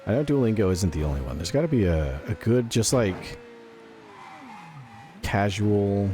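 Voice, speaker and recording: A male streamer in easygoing gaming commentary with a low voice that swings up and down a lot. He talks in a chatty way, laughs often and swears freely. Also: very animated, normal speed, mellow, slight background noise.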